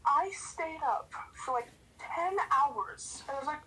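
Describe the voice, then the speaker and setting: High-pitched woman mumbling tiredly, kinda far from the mic, bouncy voice, faint noise. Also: very animated, takes it slowly, pushed and bright. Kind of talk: casual chat.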